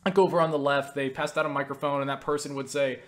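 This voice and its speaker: A man's voice: mid-range voice, fairly even intonation, quick pace. A young man hosting his own channel, telling stories to camera in a rambling, filler-heavy way and casually mocking himself. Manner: rambling, full of fillers like "you know" and "like"; self-mocking, swears casually. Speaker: channel host answering viewer questions. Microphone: webcam mic.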